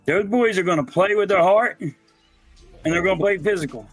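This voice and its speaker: A man's voice: high-pitched, normal speed, soft background music. A man co-hosting a casual sports debate, making insistent, emphatic predictions. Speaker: co-host.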